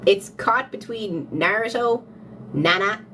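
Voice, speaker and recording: Giggly young irish woman livestreamer, slow unhurried chat, faint hiss behind. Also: mid-range voice, fairly bright tone. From Ireland. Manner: giggly, breaks into frequent laughter; repeats herself while thinking aloud. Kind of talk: casual live-stream chat, reading chat questions.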